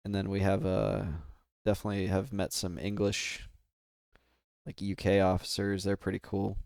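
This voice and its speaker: A man's voice: deep voice, completely flat delivery, moderate pace, gravelly, a little mellow, dry recording, studio quality. An American man livestreaming a game, chatting casually and rambling with his viewers, laughing often. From United States. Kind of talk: casual gaming stream chat.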